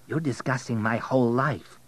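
A man's voice: medium pitch, moderate pace, lightly acted. A man playing an eager young immigrant hotelier.

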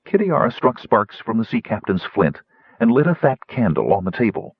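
A man narrating an adventure novel aloud in an animated storytelling manner. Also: on the low side, moderate pace, husky, no echo, dull audio. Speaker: audiobook narrator. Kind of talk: scripted fantasy narration.

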